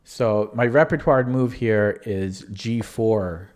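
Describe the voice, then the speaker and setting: A man's voice: lowish voice, takes it slowly, a little mellow. A young man who is losing his voice, talking casually through his own chess tournament games on a live stream. He rambles, stops to correct himself and lets sentences trail off.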